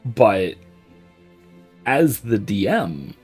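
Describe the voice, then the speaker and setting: Husky man rambling over gameplay. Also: on the low side, sing-song, extremely slow, darkish tone, soft background music. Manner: rambling, chatty, answers chat questions. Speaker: host. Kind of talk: casual commentary while playing a video game.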